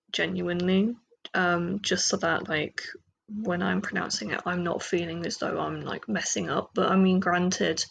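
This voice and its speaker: Slow, gravelly-voiced English woman podcaster. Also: on the low side, slight background noise, low-quality recording. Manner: rambling, self-deprecating, many fillers. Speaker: podcast host. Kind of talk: casual solo podcast chat.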